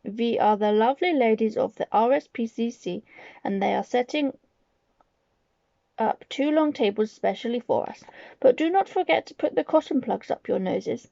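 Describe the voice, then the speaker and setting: A woman reading aloud and voicing a commanding evil witch leader who barks orders slowly. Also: fairly high pitch, gravelly, mellow, no echo, lo-fi sound. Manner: imperious, barking orders slowly.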